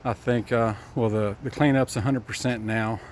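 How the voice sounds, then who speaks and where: A man's voice: lowish voice, steady tone, moderate pace, a little hiss or hum. A contractor, slightly out of breath, gives a plainspoken walkthrough of finished work, often restarting sentences as he points things out. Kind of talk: casual walkthrough update. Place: outdoors at a building site.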